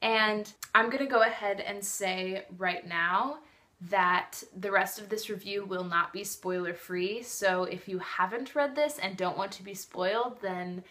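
A woman chatting in a casual video review, her voice at an ordinary middle pitch. She gushes about her favorite book and talks with open emotion. Her delivery is loose and chatty. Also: measured pace, sharp tone.

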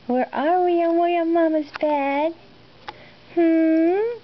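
A woman's voice: sits high, animated, slow pace, a little hiss or hum. A woman filming her cat at home, talking to it in sing-song baby talk and meowing at it, on a dull, lo-fi home video. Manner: sing-song, playful, meows and woofs at the cat. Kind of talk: cooing baby talk to a pet.

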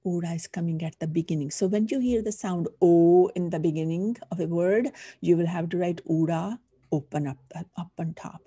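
A woman's voice: on the low side, moderate pace, mellow, slightly rough, no echo, clean studio sound. A woman with a Punjabi accent, a teacher patiently explaining a lesson step by step. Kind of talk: recorded online lesson.

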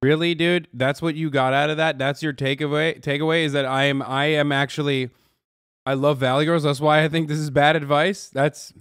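A man's voice: fairly high pitch, level tone, moderate pace, a bit bright, smooth, dry recording, studio quality. Incredulous, sarcastic male streamer. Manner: incredulous, sarcastic, swears freely. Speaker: streamer reacting to a video. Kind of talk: live reaction commentary.

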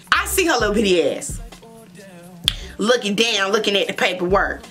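Animated young woman telling a storytime. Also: medium pitch, moderate pace, soft background music. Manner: animated, blunt and profane, laughs often. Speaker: vlogger. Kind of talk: storytime chat.

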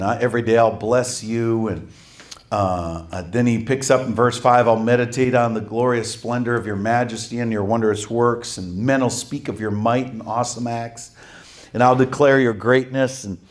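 A man preaching a sermon, reading scripture and telling a lively testimony story with quick laughs and emphatic asides. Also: mid-range voice.

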